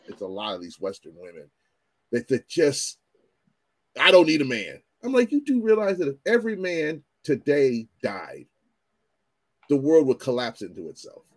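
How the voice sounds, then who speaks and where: A man ranting in casual commentary, animated and profane, often repeating himself as he restarts his sentences. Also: medium pitch, no room sound.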